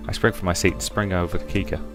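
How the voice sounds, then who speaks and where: A young man reads a space drama game aloud, taking on each character's lines in turn. His voice sits low, and it jumps up in pitch and loudness for some of the characters. Faint music plays underneath. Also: flat delivery, quick pace. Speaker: game let's-player. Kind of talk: reading a visual novel aloud, voicing characters.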